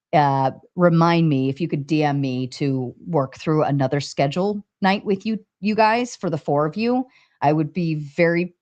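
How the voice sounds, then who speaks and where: A woman hosting a casual livestream with a lot of energy. She talks fast and excitedly, swears freely, and her voice jumps higher when she reads viewer messages aloud. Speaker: livestream host. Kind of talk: casual livestream talk, reading chat aloud.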